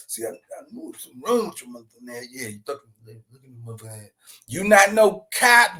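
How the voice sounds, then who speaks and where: Rowdy high-pitched man hosting reaction commentary. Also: very animated, fairly quick, creaky. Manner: rowdy, swings from shouts to mutters, laughing. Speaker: YouTube commentary host. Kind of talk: loud animated reaction commentary.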